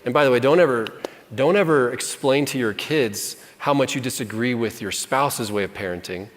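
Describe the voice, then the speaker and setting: Man, casual advice talk, self-deprecating, middle pitch, long hall reverb. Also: moderate pace, slight background noise. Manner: conversational, self-deprecating, acts out quoted voices. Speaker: marriage and parenting speaker. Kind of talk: casual talk answering audience questions.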